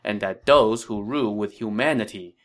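A man's voice: fairly low pitch, moderate pace, lightly acted. A man voicing a proud, defiant male advisor, quoted firmly in an audio story. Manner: firm, plainly quoted lines. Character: Chen Gong, proud defiant male advisor facing execution.

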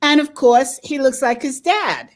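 A woman's voice: sits high, a little slow. An older woman hosting a talk show, telling stories with frequent laughter in a casual conversation. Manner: laughs often, lively storytelling.

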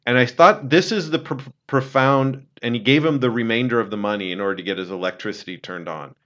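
A man telling a story in an earnest, conversational way, dropping low and quiet when he quotes someone. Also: a little fast, highs cut off. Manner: earnest, retells a film scene, drops low and quiet for quotes. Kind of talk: casual storytelling talk.

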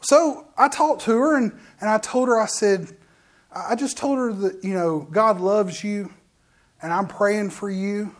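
A middle-aged preacher is in full storytelling flow. The preacher speaks in the middle pitch range and talks straight to the congregation. Lively asides keep breaking into the story, and sentences often restart halfway. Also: measured pace. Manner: addresses the audience directly with asides. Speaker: minister. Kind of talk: sermon testimony to a congregation.

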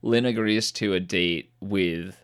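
A man co-hosting a casual podcast chat, recapping a movie with teasing jokes and deadpan asides. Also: deep voice, takes it slowly, smooth. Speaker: podcast co-host.

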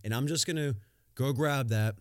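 A man's voice: medium pitch, moderate pace. A man with a mid-range voice holds forth on his solo podcast. He is blunt and profane, and he rambles from point to point. The sound is dry and close, with no room echo. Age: adult, has a young daughter. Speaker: podcast host. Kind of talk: casual solo podcast monologue.

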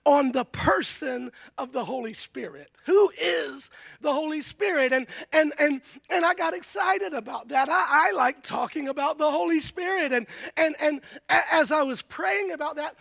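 A man preaching a lively sermon as a guest pastor, often shouting, with stammered restarts. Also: very high voice, normal speed, gravelly, dry recording. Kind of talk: energetic sermon.

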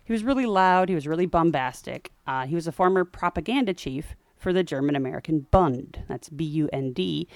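Low-voiced woman telling history casually. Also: brisk, hardly any pauses, dry recording, clean studio sound. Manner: wry, chatty, animated asides. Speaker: podcast co-host.

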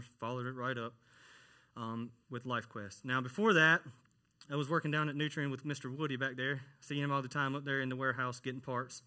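A man's voice: mid-range voice, pushed and bright. A man, a church worship minister, preaching a conversational sermon and often asking the congregation questions.

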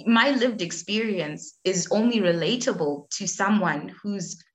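A woman's voice: mid-range voice, unhurried. Earnest woman telling a personal story. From Zimbabwe. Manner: earnest and emphatic, often acting out what others said to her. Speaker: guest sharing a personal story. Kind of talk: candid conversational storytelling.

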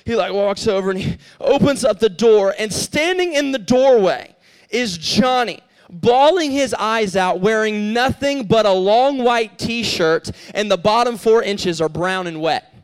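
A man's voice: high voice, animated, measured pace, clear, resonant tone. A young man preaching as a youth pastor, telling a story and acting out the dialogue with a rising voice.

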